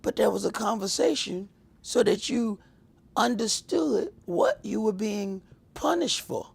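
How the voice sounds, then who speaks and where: A man teaching a religious class in a lively preaching style, telling stories and acting out voices, swinging from loud to hushed. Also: sits high, measured pace, creaky, husky. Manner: animated, storytelling, acts out voices, swings from loud to whispered.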